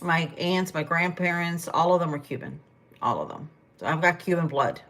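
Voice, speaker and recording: A woman in her fifties from Spain chats on a cooking livestream from her home kitchen. She rambles along with plenty of fillers, her voice sitting a little low. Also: normal speed, a bit bright. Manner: chatty, rambling, with many fillers. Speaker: livestream host. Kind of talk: casual livestream chat while cooking.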